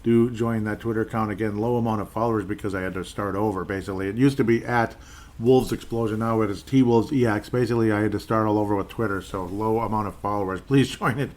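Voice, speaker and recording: Quick-paced and fairly even in intonation, this lowish, darkish male voice belongs to a sports podcast host in his forties working solo. He chats and meanders while reading listener messages, catching and correcting himself mid-sentence against faint background noise.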